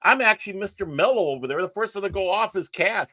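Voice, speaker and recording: A man in teasing, jokey chat as a podcast co-host. His voice sits fairly high and bright, and his pitch moves a lot. The sound is dry and close. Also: animated, fast talker, no echo. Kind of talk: casual chat.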